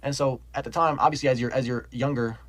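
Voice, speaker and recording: A man's voice: mid-range voice, fast talker, a little hiss or hum, rough recording. A young man telling a casual storytime, rambling and profane, full of "like", laughing as he goes. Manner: rambling, profane, heavy use of "like"; animated, laughs while telling.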